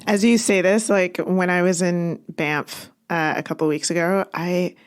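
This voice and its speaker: Reflective lower-voiced woman co-host. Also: fairly even intonation, a little slow, clean tone. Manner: conversational, many fillers like "like" and "uh", reflective. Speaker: podcast co-host. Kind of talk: casual political chat.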